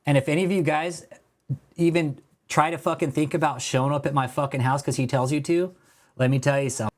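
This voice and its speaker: A man's voice: fairly high pitch, steady tone, fast talker. A man hosting a casual livestream, talking in a profane, mocking way, laughing and calling people bro. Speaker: livestream host.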